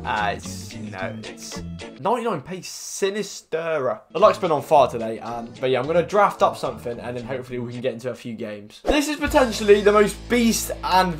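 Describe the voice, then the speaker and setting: A young man giving excitable, slangy commentary as he plays a game, with faint music behind. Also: mid-range voice. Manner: excitable, slangy, quick to exclaim. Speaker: gaming YouTuber. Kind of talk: casual commentary over gameplay.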